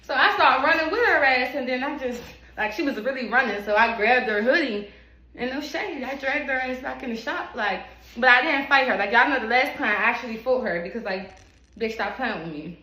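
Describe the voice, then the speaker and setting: A young woman hairstylist telling a story to her phone camera, animated, emphatic and full of swearing. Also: a little high, fairly quick. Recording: echoey room with steady background noise.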